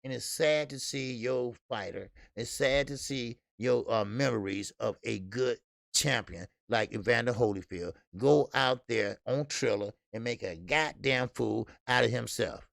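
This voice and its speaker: A man's voice: medium pitch, a little slow, gravelly, fairly bright tone, no room sound, clean studio sound. A man hosting a live boxing talk stream, speaking in loose, profane slang and calling out to viewers in the chat. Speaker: boxing show host. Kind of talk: casual live-stream commentary.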